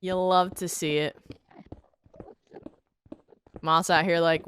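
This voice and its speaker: Speaking slowly and pausing often, this woman has a fairly low, level voice with a fairly bright tone, and a little hiss or hum is audible. She's a live streamer chatting casually over a game into a desk mic, drawling in a laid-back way, stuffy-nosed, and frequently dropping "bruh."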